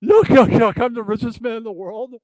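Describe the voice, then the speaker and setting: A man voicing a goofy puppet of a billionaire tech boss, chanting in a high, sing-song cackle. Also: brisk, a little mellow, dry recording, low-quality recording. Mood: gloating.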